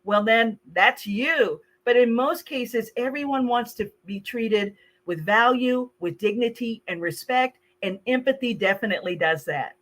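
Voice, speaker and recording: A woman hosting a casual podcast chat, with a voice pitched a little high for a woman. She talks in a lively, animated way and laughs often. She acts out the customer phrases she quotes. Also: measured pace, few pauses. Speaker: podcast host and service trainer.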